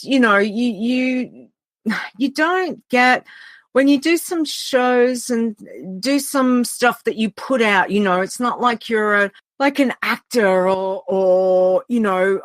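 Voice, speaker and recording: A woman's voice: mid-range voice, no echo. An Australian woman talking heartfelt and earnest as a podcast guest, often trailing off and restarting her sentences. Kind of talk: casual podcast conversation.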